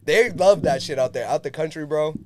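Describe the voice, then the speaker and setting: A man's voice: fairly high pitch, a little fast, a little mellow. A young man chatting on a podcast, joking and laughing often. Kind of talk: casual podcast chat.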